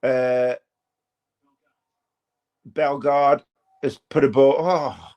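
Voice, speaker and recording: A man's voice: medium pitch, drawn-out words, muffled recording. Chatty man calling a match. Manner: chatty, rambling, bursts into excited play-by-play. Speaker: fan channel host. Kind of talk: live match watch-along commentary. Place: at home.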